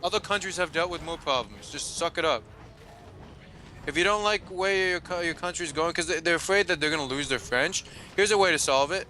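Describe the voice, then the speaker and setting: A man's voice: fairly high pitch, a little fast, bright, forceful tone, a little hiss or hum. A young man, rambling and swearing through a casual chat while playing a game. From Canada. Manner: rambling, profane, ranting. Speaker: let's-play co-host. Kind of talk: casual chat over gameplay.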